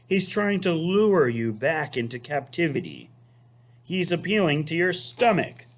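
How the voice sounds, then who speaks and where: Man doing a female goose, storybook, shrill high voice, bossy, repeats herself, loud and slow. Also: sing-song. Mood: insistent. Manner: repeats every phrase, shrill and insistent. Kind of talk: storybook read-aloud.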